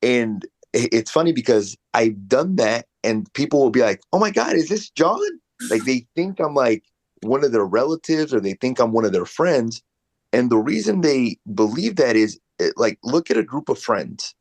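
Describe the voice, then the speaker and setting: A man's voice: medium pitch, animated, moderate pace, a little mellow. A man coaching a salesperson over a video call, giving direct, conversational feedback. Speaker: real estate sales coach.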